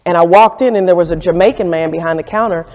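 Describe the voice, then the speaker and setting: A woman's voice: lowish voice, fast talker, a little mellow. Reflective woman telling her story. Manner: candid, reflective storytelling with acted-out quotes. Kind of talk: documentary storytelling interview. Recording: echoey room with long reverb.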